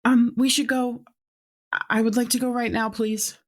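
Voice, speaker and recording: A woman voicing a timid young female researcher who speaks hesitantly and haltingly. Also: on the high side, steady tone, darkish tone, husky, voice pushed up. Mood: anxious.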